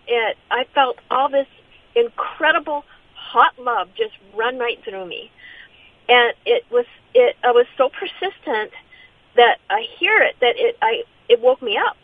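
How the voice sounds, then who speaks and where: A middle-aged woman giving a personal testimony as an interview guest, speaking in a halting, earnest way with many restarts. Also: on the high side, no room sound. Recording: tinny phone-line sound.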